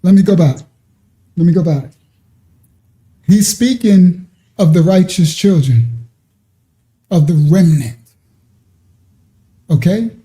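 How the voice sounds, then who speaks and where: Preaching man with a high voice, dark tone, emphatic, conversational, repeats himself, Bible-study sermon. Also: takes it slowly, pauses often.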